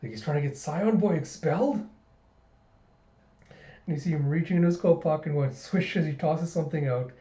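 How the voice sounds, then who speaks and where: A man hosting a reaction video, reading aloud in a casual, animated way and laughing often. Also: fairly high pitch, fairly quick, pauses often. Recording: dull echoey room recording.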